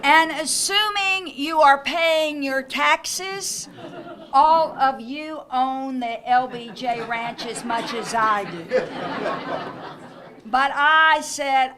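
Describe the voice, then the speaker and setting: Older woman host, welcome speech at a home reception, high and bright, unhurried, anecdotal, lightly funny. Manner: gracious, anecdotal, with light humor. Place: private home during an evening reception.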